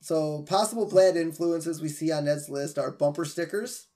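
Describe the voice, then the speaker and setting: A man's voice: fairly high pitch, normal speed, warm tone. A man co-hosting a podcast in casual chat, recapping the story in an easygoing way. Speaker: podcast co-host.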